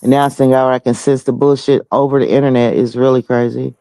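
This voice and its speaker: A man's voice: medium pitch, level tone, quick pace, gravelly, mellow, no room sound. A man chatting casually on a live stream, blunt and profane, laughing along. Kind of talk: casual chat.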